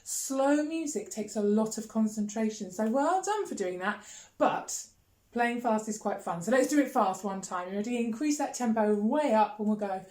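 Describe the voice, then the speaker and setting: A woman's voice: on the high side, expressive, moderate pace, a little mellow. Female music teacher, upbeat and encouraging, counts in and chants rhythms; roomy echo. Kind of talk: children's music lesson. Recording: echoey room with faint noise.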